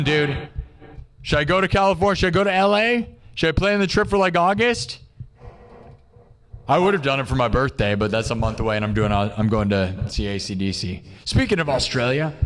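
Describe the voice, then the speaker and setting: Rambling streamer man with long reverb. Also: on the high side. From United States. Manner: rambling and excitable, says "dude" constantly. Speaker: live-streaming musician and host. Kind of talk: casual live-stream chat.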